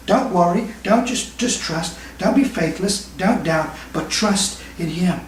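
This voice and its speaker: Emphatic pastor preaching in an echoey hall. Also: male voice, fairly high pitch, a little hiss or hum. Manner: emphatic preaching, quick bursts and slow stressed phrases. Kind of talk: sermon. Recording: echoey room, mic at a distance.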